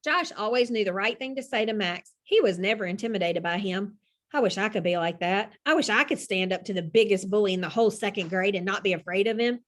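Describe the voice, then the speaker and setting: A woman narrating a children's storybook in the first person, with an expressive reading style. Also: medium pitch, brisk.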